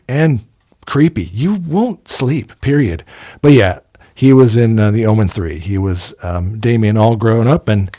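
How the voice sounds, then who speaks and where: A man's voice: lowish voice, a little mellow, dry recording, clean studio sound. A middle-aged American man hosting a casual spoken tribute, meandering through film memories with lots of ums and uhs and an enthusiastic, chatty tone. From United States. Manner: chatty, enthusiastic about films. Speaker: host.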